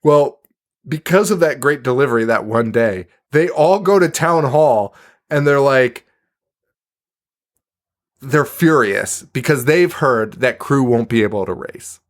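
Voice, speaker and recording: A man co-hosting a movie podcast talks in a loose, casual way, cursing and laughing often. He keeps slipping into quick impressions of lines from the film. His voice sits at an ordinary middle pitch. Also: animated. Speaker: podcast co-host. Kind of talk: casual chat recapping a movie.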